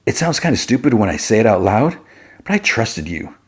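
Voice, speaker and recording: A man's voice: on the low side, very animated, fairly quick, husky. A man voicing a bitter young male villain in a plain, resentful way while recapping a TV episode.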